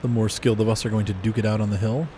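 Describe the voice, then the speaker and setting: A man giving casual gameplay commentary in a relaxed, chuckling manner. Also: lowish voice, racing, a little hiss or hum. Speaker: game commentator.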